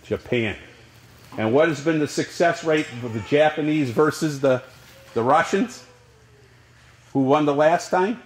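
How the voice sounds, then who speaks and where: A man teaching a college history class, lecturing in a lively way and asking the class questions. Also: on the high side, a little slow, pauses often, echoey room, a little hiss or hum, rough recording. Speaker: history professor.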